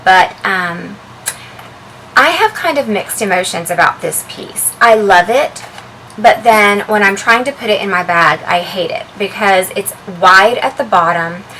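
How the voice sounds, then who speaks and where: A woman vlogger chatting casually as she shows the contents of her handbag, relaxed and full of ums and uhs. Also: mid-range voice, slight background noise, rough recording. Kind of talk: casual show-and-tell vlog.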